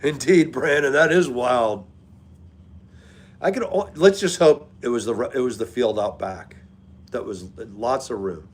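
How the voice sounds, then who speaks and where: Husky chatty livestream host, a man. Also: mid-range voice, a little slow. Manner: chatty, greets viewers by name, off-the-cuff. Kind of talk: casual chat with live viewers.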